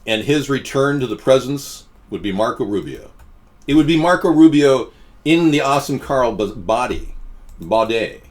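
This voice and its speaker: A man's voice: medium pitch, expressive, normal speed. Rambling man hosting a live stream. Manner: rambling, answers chat comments, many restarts. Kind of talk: casual live stream chat.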